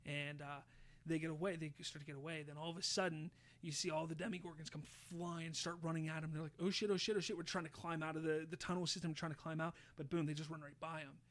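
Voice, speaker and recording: A man hosting a podcast, casually retelling a show's plot with lively, swear-laden storytelling. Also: on the high side, fast. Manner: animated storyteller, swears freely, acts out quotes. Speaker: podcast host.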